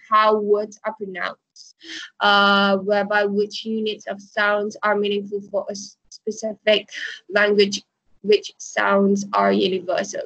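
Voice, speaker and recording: A woman's voice: medium pitch, fairly bright tone, no room sound, poor audio. A woman lecturer explaining course ideas through examples, often starting with "okay, so" and restarting her sentences. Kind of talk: online university lecture.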